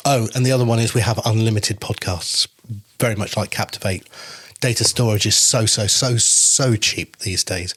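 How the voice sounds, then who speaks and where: A man's voice: on the low side, steady tone, normal speed, fairly bright tone. A man co-hosting a podcast, explaining things in casual chat and repeating words as he restarts. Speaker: podcast co-host.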